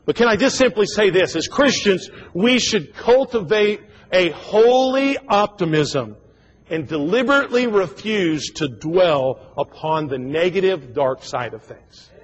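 A man's voice: high-pitched, lively intonation, measured pace, slight background noise. A man in his forties preaching a sermon in a church, folksy and joking, with frequent stammered repeats. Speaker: pastor. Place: church sanctuary.

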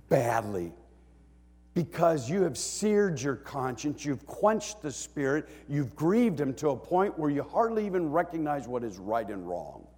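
A middle-aged man with a medium-pitched voice preaches a sermon, animated and emotional, swinging from hushed lines to shouts and slipping in joking asides. The sound carries the echo of a church hall.

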